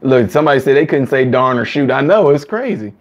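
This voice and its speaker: A man hosting a live chat stream, talking casually to viewers and acting out quotes in higher voices. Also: a little fast. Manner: animated, acts out quotes in higher voices, laughs often.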